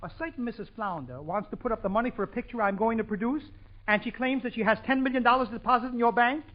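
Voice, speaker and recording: A man's voice: very high voice, quick pace. A man hosting a 1940s radio comedy show, punching out jokes in a bouncy, playful way. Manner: bouncy, joke-punching delivery with frequent laughs. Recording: muffled 1940s radio broadcast with studio audience.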